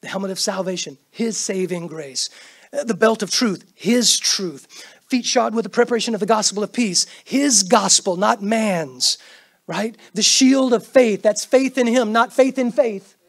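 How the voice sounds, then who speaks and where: A middle-aged man preaches in a church with a fairly high, husky voice. He swings from loud, pressing bursts to near-whispered asides and acts out the prayers and greetings he quotes. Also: measured pace. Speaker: pastor. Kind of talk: sermon. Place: church sanctuary.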